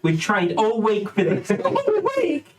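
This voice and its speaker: A wildly overexcited dad shouting encouragement at his child's juggling act, his voice shooting up high and cracking on the loudest words, as a game master puts him on. He sounds a little far off the mic. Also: steady tone, brisk, echoey room, over a noisy crowd, lightly acted. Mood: frantic cheering.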